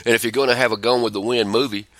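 A man's voice: mid-range voice, steady tone, rapid-fire, fairly bright tone, no room sound. A middle-aged man, a podcast co-host telling rambling stories in blunt, profane casual chat.

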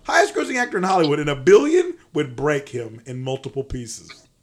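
A young man co-hosting a comedic podcast, animated and mock-incredulous, who swears and laughs mid-sentence. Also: fairly high pitch, fairly quick. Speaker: podcast co-host.

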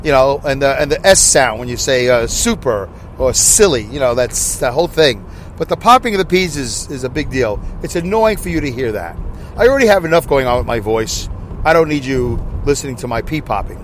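A man hosting a casual solo podcast, rambling excitably and loudly with many asides, with faint noise behind him. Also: medium pitch, brisk. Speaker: podcast host. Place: in his car.

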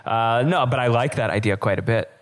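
A man co-hosting a casual podcast, with a voice pitched in the middle for a man. He thinks aloud, circling back with fillers and restarts, and laughs easily. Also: a little fast. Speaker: podcast co-host.

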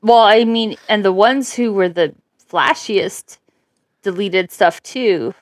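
A woman's voice: mid-range voice, slow, dry recording. Brash, laughing woman in crude banter.

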